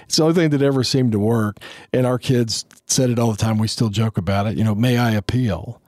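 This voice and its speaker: A man's voice: medium pitch, quick pace, darkish tone, no echo. A man in his fifties giving casual, earnest parenting advice, acting out family dialogue as he goes. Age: 50s.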